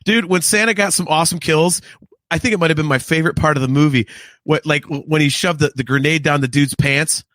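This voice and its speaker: A man co-hosting a podcast, chatting excitedly about a film and acting out lines with laughs. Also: a little high, brisk, no echo. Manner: excited, laughing, acts out quotes. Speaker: podcast co-host. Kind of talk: casual film review chat.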